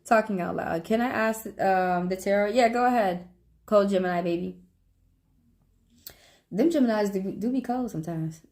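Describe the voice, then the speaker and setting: A woman's voice: medium pitch, normal speed, long pauses, a little mellow. A young woman chatting casually on a tarot livestream, reading out viewers' questions and answering them with loose slang and frequent laughter. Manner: laughs a lot while telling stories, loose slangy talk. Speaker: tarot reader.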